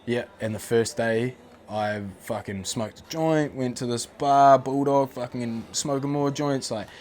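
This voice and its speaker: A man's voice: medium pitch, measured pace, a little mellow, a little hiss or hum. A young man in his twenties with a New Zealand accent, a podcast guest telling stories in laid-back, swear-heavy slang. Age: 20s. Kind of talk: casual storytelling chat.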